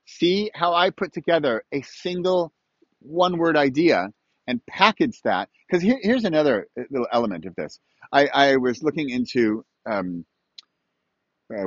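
A man's voice: a little high, no echo. A man talking casually about his books and courses while out walking his dogs, rambling and self-amused. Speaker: author and online course creator. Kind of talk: casual walk-and-talk vlog. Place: outdoors. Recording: dry, slightly dull lo-fi audio.

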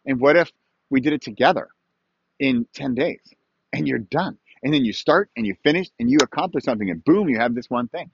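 Male author-vlogger, rambling and self-amused, outdoors on a phone mic, lively delivery, lo-fi sound. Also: medium pitch, fairly quick, gravelly, background noise. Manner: rambling, self-amused, calls out to his dogs mid-thought. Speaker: author and online course creator. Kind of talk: casual walk-and-talk vlog. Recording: dry, slightly dull lo-fi audio.

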